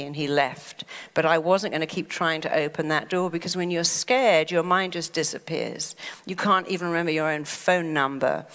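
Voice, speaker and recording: Lively woman with hall reverb. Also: fairly low pitch. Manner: lively, acts out panicked inner voices. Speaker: therapist and speaker. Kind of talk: motivational talk.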